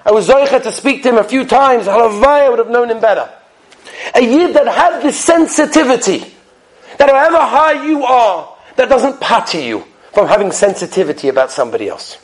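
High-voiced man giving an animated sermon. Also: brisk. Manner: animated, swings between loud emphasis and hushed drops; sprinkles Yiddish and Hebrew terms. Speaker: rabbi giving a Torah talk. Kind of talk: storytelling sermon.

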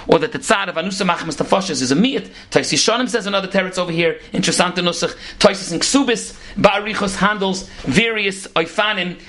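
Fast-talking man teaching Talmud. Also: sits high. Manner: rapid, animated explaining with Hebrew and Yiddish terms mixed into English. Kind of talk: Talmud lecture.

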